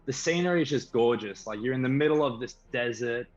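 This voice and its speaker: An Australian man, a band member guest, telling a story with lively enthusiasm. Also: mid-range voice, a little fast. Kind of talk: casual storytelling. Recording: slightly dull stream audio with faint music.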